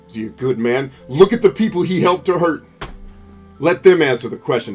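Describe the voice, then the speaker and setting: A man rants as he plays a video game, cursing often and drifting into philosophical tangents. His voice sits at an ordinary middle pitch, and faint game music plays underneath. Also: sing-song, normal speed, husky. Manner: profane, ranting, philosophical. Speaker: gameplay commentator. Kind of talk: rambling commentary over gameplay.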